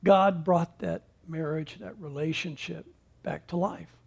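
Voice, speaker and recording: A male preacher telling a story in a sermon, with measured delivery and dramatic pauses. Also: on the high side, fairly even intonation, vocal fry, a little mellow, husky.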